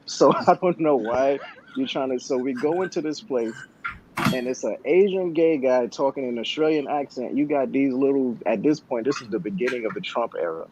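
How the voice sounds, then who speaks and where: A man's voice: mid-range voice, lively intonation, normal speed, a little mellow, slight background noise. A man on a podcast telling a work story in a laid-back way, swearing freely and making dry asides, in a dull lo-fi recording. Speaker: podcast co-host. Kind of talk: casual storytelling.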